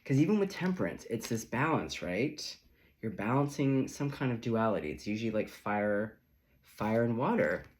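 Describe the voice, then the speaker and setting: A man's voice: lowish voice, sing-song, normal speed. A man giving a casual tarot reading in a sassy, chatty, profane manner. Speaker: tarot reader.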